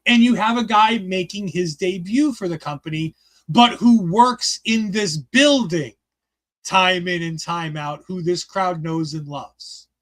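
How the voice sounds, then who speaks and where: A man co-hosting a casual show review, excited and rambling, swearing freely and filling his talk with "like". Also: high voice, measured pace. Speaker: podcast co-host reviewing a wrestling show.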